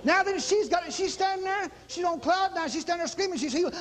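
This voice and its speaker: A man preaching a sermon, telling stories in an animated, exclamatory, folksy way. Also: very high-pitched, fast talker, hardly any pauses, background noise. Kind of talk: storytelling sermon.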